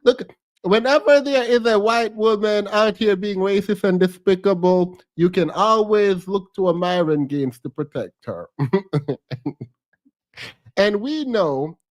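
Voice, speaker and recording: A man's voice: sits high, unhurried. A man streaming a casual reaction commentary, laughing often, repeating phrases and teasing playfully.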